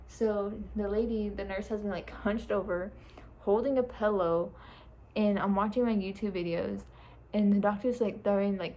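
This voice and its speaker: A woman's voice: mid-range voice, dark tone, low-quality recording. A young woman casually telling a personal story, chatty, laughing often and swearing freely. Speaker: vlogger. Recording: faint background noise.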